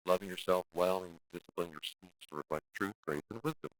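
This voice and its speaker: A man's voice: low voice, a little fast, dry recording, poor audio. A male pastor teaching a church class in a direct, conversational way, acting out quoted speech in exaggerated voices. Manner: direct, conversational, with frequent restarts.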